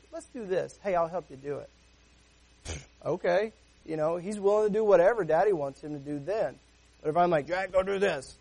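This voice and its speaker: High-voiced man preaching conversationally. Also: a little mellow. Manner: conversational preaching with rhetorical questions. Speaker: pastor. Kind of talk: sermon.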